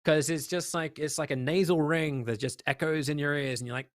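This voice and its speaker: A man with an Australian accent, an esports caster chatting as a guest in an interview, emphatic and lively with lots of fillers. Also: on the high side, fairly quick, no echo, studio quality. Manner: animated, emphatic, many fillers. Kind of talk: casual interview chat.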